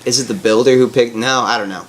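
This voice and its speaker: A man's voice: medium pitch, steady tone, slight background noise. A young man co-hosting a podcast in casual chat, laid-back and joking. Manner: laid-back, does quick silly character voices. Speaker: podcast co-host.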